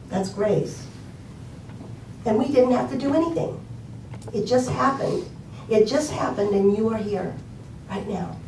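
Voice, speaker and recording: A woman's voice: mid-range voice, dark tone, roomy sound, recorded from a distance, slight background noise, poor audio. An older woman telling an inspirational story in a conversational way, with fillers and emphatic repetition. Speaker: speaker.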